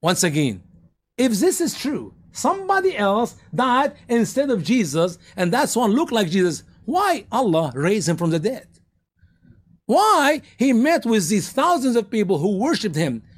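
A male preacher giving a sermon in an animated storytelling manner, firing off rhetorical questions. His voice sits fairly high for a man and swings widely in pitch as he drives his points home. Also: a little slow.

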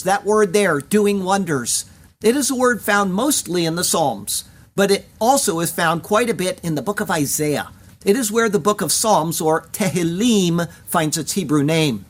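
A Bible teacher works through scripture verse by verse in a measured, deliberate sermon voice. Hebrew words are pronounced carefully along the way, and now and then the teacher turns to the listeners with a direct question. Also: mid-range voice.

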